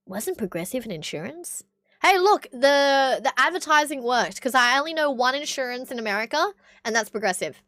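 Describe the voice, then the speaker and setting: A woman's voice: high-pitched, pushed and bright, no room sound, studio quality. A young woman with an Australian accent chatting bluntly with her stream viewers, swearing often. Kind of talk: casual chat with stream viewers.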